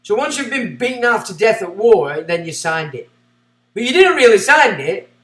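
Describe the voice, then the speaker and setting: A man's voice: sits high, very animated, moderate pace, a bit bright, echoey room, distant mic. A man hosting a livestream, reading out passages and breaking off into scornful, sarcastic asides. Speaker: livestream host. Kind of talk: ranting commentary while reading aloud.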